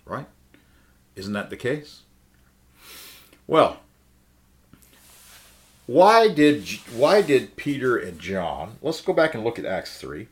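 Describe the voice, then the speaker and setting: A man's voice: medium pitch, big pitch swings, slow, pauses often. A man teaching the Bible in a conversational sermon, emphatic and full of rhetorical questions. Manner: emphatic, asks the listeners many rhetorical questions.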